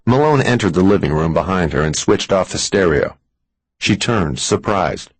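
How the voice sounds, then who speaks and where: A man reading a thriller audiobook in a measured, expressive storytelling manner. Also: sits low, no echo. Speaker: audiobook narrator. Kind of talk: scripted thriller narration.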